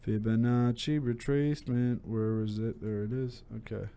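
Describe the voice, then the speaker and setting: A man's voice: mid-range voice, fairly even intonation, normal speed, dark tone, clean tone. Chatty, frank man talking crypto. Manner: chatty, frank, full of fillers and restarts. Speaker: crypto channel host. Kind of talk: casual vlog commentary.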